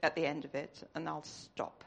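A woman's voice: deep voice, flat delivery, moderate pace, creaky. Earnest woman giving a sermon. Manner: earnest, conversational, tearful at the close. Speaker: church speaker.

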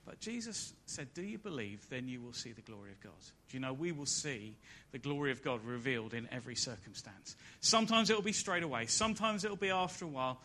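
A man preaching a sermon at a church service, building to loud emphatic peaks and then dropping soft and low. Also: animated, quick pace, hardly any pauses, slight background noise.

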